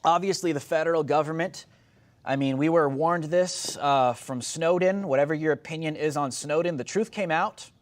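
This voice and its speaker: A young man hosts political commentary in a heated, emphatic way. His voice sits a little high and jumps to loud, sarcastic bursts as he presses his points. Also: normal speed.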